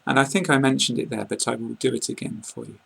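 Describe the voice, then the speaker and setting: Gravelly man with a southern English accent. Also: medium pitch, fast talker. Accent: southern English, received pronunciation. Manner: calm, plain explaining with frequent fillers. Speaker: English teacher. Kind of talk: online lesson.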